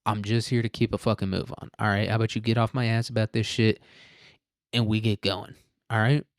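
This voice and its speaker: A man's voice: lowish voice, little pitch movement, brisk, no room sound, clean studio sound, lightly acted. A man voicing a blunt, irritated young Puritan man who swears and brushes people off. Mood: annoyed. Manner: gruff, swearing, dismissive.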